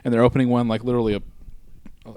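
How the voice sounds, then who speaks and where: A man's voice: mid-range voice, little pitch movement, racing, dark tone, smooth, no room sound. A man co-hosting a podcast, chatting casually in an upbeat, easygoing way. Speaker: podcast co-host.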